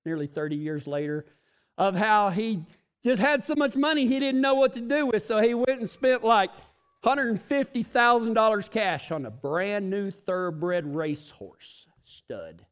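A man preaching a sermon who swings between loud, emphatic lines and hushed, slow ones, with joking asides. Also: high voice, animated, clean tone. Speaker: pastor.

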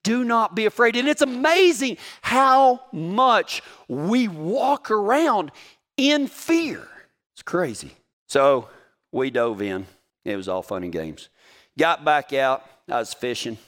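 A man's voice: on the high side, takes it slowly. A man, preaching a sermon through folksy, joking personal stories. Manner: folksy, joking, animated storytelling. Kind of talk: storytelling sermon.

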